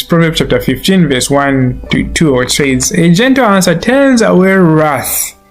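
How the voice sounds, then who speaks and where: A man's voice: on the high side, gravelly. A man giving a devotional Bible teaching in an earnest, explaining manner. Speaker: preacher. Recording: soft guitar music behind.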